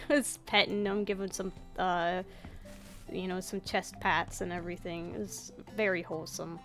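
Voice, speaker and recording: A woman's voice: lowish voice, little pitch movement, normal speed, fairly bright tone, faint music behind. A woman chatting casually to herself while playing a game, swearing offhandedly as she goes. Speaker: let's-play gamer. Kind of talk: casual gameplay commentary.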